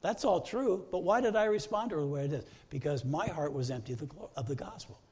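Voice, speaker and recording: A man's voice: on the high side, expressive, fast talker, darkish tone, husky. A middle-aged man preaching a sermon as pastor, earnest, stacking repeated phrases into lists.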